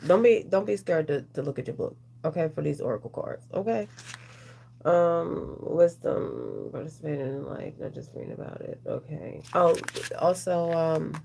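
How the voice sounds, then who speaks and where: Low raspy-fry woman rambling through a card reading, chatty, bit of hum behind. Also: dark tone. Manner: rambling, chatty, talks to viewers and chat. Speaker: tarot reader.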